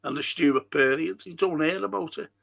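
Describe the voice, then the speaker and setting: A man's voice: fairly high pitch, normal speed, gravelly, fairly bright tone. A middle-aged man with a Liverpool accent hosting a live talk stream, rambling in a blunt, indignant monologue and swearing freely. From England. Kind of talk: rambling monologue reading viewer comments.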